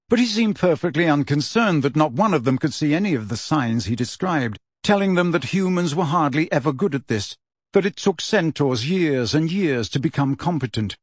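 A man reading a story aloud as narrator, in steady storytelling that gives each character a voice. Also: mid-range voice, no room sound, studio quality. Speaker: audiobook narrator. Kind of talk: scripted narration.

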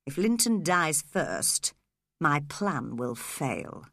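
A woman reading aloud and voicing a cruel, scheming man in a low, quiet, controlled voice. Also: very animated, extremely slow, creaky, dry recording, clean studio sound, heavily acted. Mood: cold, menacing.

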